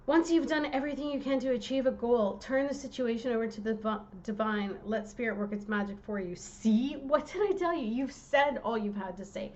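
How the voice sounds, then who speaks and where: A woman's voice: on the high side, a little fast, hardly any pauses, a little mellow, highs cut off. A woman tarot reader talking straight to her viewers, worked up and direct as she gives a reading.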